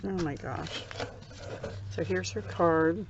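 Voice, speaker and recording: A middle-aged American woman chats unhurriedly, in a fairly low voice, as she unboxes handmade crafts. She gushes and is easily touched. Her home recording sounds dull and lo-fi, with a faint hiss behind her. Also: fairly even intonation, slow pace. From USA. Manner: chatty, gushing, easily touched. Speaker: crafting vlogger. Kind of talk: casual unboxing chat.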